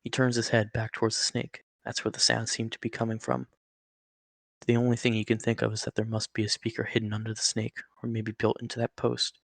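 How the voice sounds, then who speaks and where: A man reading a story aloud in a steady, plain way, with occasional stumbles. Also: fairly low pitch, fairly quick, gravelly, no room sound. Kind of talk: read-aloud story narration.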